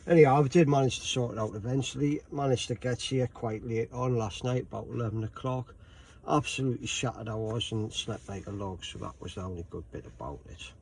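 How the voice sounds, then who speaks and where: A man's voice: mid-range voice, brisk, creaky, darkish tone, a little hiss or hum, poor audio. A middle-aged man, casually telling a rambling story to camera with many ums and restarts. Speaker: vlogger.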